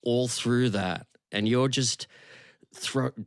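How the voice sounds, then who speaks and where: A man co-hosting a podcast in casual chat, rambling and amused, with many halting restarts. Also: mid-range voice, no room sound, clean studio sound. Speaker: podcast co-host.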